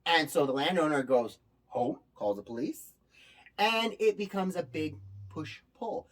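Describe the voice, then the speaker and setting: Animated, emphatic male host. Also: a little high, a little slow. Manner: animated, emphatic, sometimes sarcastic. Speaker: show host. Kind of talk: casual spoken commentary to viewers.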